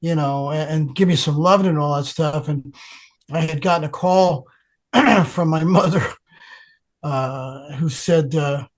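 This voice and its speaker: An older man, a guest guitarist, telling stories in an interview with lively acted-out voices. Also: a little high, measured pace. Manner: animated storyteller, acts out quoted voices. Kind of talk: storytelling interview.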